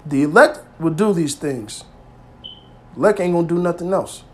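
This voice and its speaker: A man preaching informally to his brothers, with emphatic, street-style speech that swings between loud exhortation and quiet, low asides. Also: lively intonation, moderate pace. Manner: emphatic and streetwise, peppered with "man" and "hey", swearing freely. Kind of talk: informal scripture teaching.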